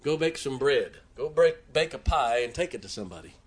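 A man's voice: mid-range voice, animated, a little fast, husky. A man preaching a sermon as pastor, telling folksy stories and joking with his congregation.

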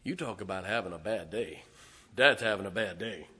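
Bright-voiced male preacher telling a story. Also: fairly low pitch, animated, normal speed, husky. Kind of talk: sermon retelling a Bible story.

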